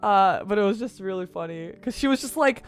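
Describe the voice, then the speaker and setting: A woman streamer telling a story in casual chat, animated and laughing often, with lots of "like" and fillers. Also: mid-range voice, brisk, faint music behind.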